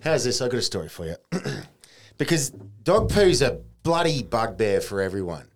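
An Australian man hosting a podcast, telling stories in a casual, animated way with plenty of colourful slang. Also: medium pitch, normal speed. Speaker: podcast host. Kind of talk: casual chat.

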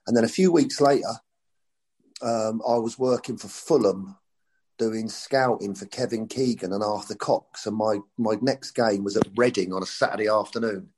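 A man's voice: lowish voice, normal speed, darkish tone. A middle-aged man, a football coach, telling anecdotes in a chatty interview. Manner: chatty anecdotal storytelling, acts out quotes. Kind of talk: storytelling interview.

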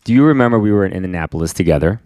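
A man's voice: low voice, rapid-fire, no echo, clean studio sound. A man, a pastor, talking earnestly in a casual conversation, telling stories with many restarts. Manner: earnest, animated storyteller with frequent restarts.

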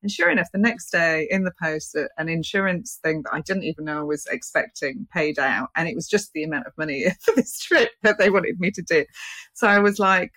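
A woman's voice: a little fast, bright, forceful tone, dry recording. A middle-aged English woman, a psychic medium, telling her story in an interview, laughing often and acting out what people said. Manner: laughs often, acts out quoted voices with big pitch jumps.

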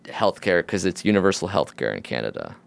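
A low-voiced man with a gravelly edge, riffing loosely as a comedy podcast co-host. His pitch rises and falls in a lively way, and the sound is dry and close. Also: a little fast, no room sound. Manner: riffing, joking, rambling speculation. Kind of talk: casual comedy chat.

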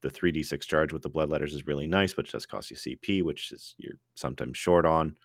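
A man's voice: a bass voice, fairly quick, dry recording, studio quality. A man hosting a podcast in casual chat, steering the talk with plenty of "uh" and "um". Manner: steers the talk, filler-heavy. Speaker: podcast host.

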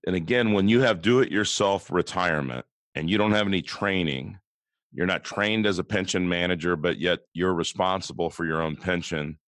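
Deep-voiced West Coast man, dry. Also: moderate pace, a bit bright, dry recording. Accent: West Coast American. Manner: conversational, asks rhetorical questions. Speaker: podcast co-host. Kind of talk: casual podcast chat.

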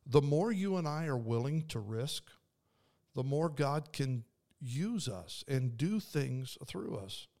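A man's voice: mid-range voice, sing-song, takes it slowly, warm tone. A man hosting a faith podcast, speaking earnestly and conversationally with frequent restarts. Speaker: podcast host and preacher. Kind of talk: devotional podcast talk.

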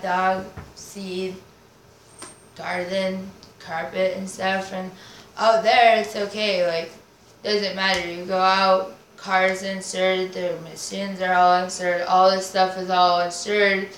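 Woman, mid-pitch, rambling casual chat, swears, invented words, faint hiss. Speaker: podcast guest. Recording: roomy echo, faint noise.

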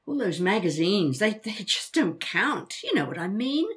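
A woman playing a lively, chatty older mother. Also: medium pitch, moderate pace. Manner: animated, stumbling over words when flustered. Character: chatty older mother, outspoken, quick to apologize. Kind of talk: audio drama dialogue.

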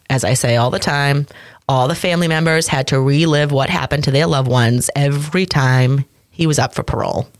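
A woman co-hosting a true crime podcast, reading out case details and breaking in with quick reactions and jokes. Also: deep voice, dry recording. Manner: reads case notes then jokes and comments. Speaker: podcast co-host.

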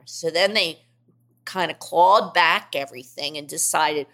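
A woman's voice: fairly low pitch, moderate pace, pushed and bright. A middle-aged woman, an investigative reporter, talking as a guest in a podcast interview in an earnest, emphatic way.

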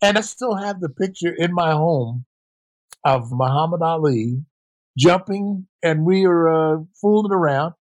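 Older man telling lively stories, dry sound. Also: on the high side, a little slow, no room sound. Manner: animated, acts out quoted voices. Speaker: guest, former basketball player and coach. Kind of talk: storytelling interview answer.

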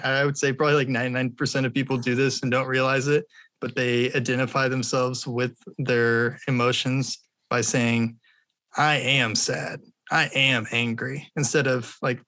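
A man's voice: mid-range voice, fairly bright tone. Friendly man giving practical tips. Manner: friendly, gives practical tips, slight stammer. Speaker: podcast guest. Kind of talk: casual podcast conversation.

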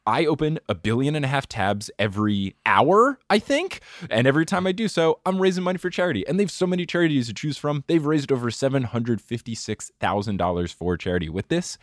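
Animated man chatting about sports. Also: medium pitch, no echo, studio quality. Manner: animated, rambling, quick asides. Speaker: podcast co-host. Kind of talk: casual sports chat.

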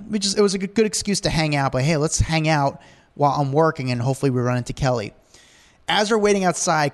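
A man co-hosting a podcast, telling rambling, animated stories in casual chat and acting out what people said. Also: medium pitch. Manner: rambling, animated, acts out quotes. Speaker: podcast co-host.

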